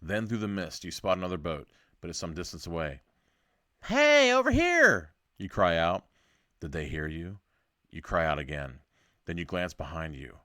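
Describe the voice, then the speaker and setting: A man's voice: deep voice, moderate pace, no room sound, studio quality. A man hosting a podcast, reading a gamebook aloud for laughs and ad-libbing jokes. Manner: jokey, ad-libs and laughs at his own lines; drops to a hushed spooky murmur. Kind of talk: comedic storybook reading.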